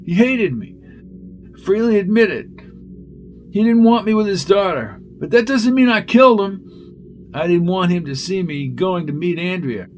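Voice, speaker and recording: A man's voice: high voice, animated, moderate pace, slight background noise, voice pushed up. A man reading aloud as a defensive young man accused of a crime. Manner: defensive, indignant.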